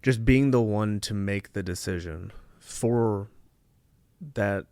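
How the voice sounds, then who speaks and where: Low, gravelly man explaining calmly. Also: dry recording. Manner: measured, explanatory, with restarts. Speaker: podcast co-host. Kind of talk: casual chat. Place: home studio, seated on a couch.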